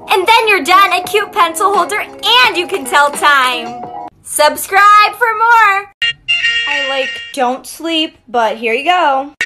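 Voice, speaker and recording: A young woman vlogger chatting in an upbeat, goofy way. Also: very high voice. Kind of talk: casual vlog narration. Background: background music.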